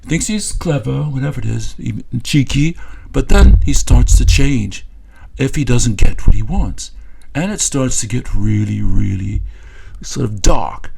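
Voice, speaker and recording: A man mocks his subject in satirical commentary, his voice gravelly and frayed at the edges. He speaks at a middling pitch in a scornful, stop-start way, pausing often and filling the gaps with small hesitations. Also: expressive, warm tone. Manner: scornful, stop-start delivery with many fillers. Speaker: political commentator.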